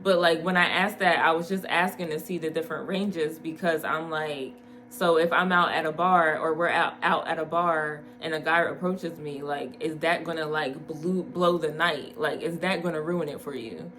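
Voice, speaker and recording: A woman's voice: low-pitched, steady tone, normal speed, hardly any pauses, a bit bright. A young woman telling a dating story in a candid late-night vlog, laughing often and swearing casually. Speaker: vlogger.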